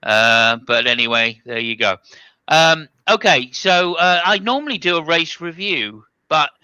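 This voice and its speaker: A man's voice: fairly high pitch, measured pace, bright, forceful tone, clear, resonant tone, dry recording, lo-fi sound. A man hosting a casual motorsport chat over an online call, jokey and rambling with many fillers. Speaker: podcast host.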